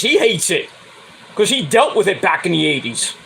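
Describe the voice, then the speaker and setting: A man's voice: sits high, sing-song, moderate pace, vocal fry, a bit bright, a little hiss or hum, rough recording. A man hosting his own stream, ranting in a profane, heated, rambling way about sports. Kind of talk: casual sports rant.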